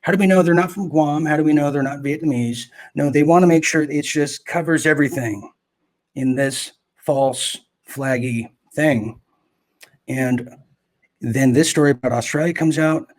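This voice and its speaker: A man with a somewhat high voice hosts a live commentary show. He talks sarcastically and rambles, and he keeps breaking in with mocking asides and corrections of himself. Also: brisk.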